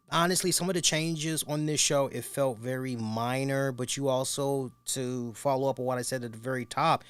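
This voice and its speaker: Middle-aged man, wrestling review host, crude casual storytelling, clear resonant tone, mid pitch. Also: dry recording. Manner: loose, crude, laughing anecdotes.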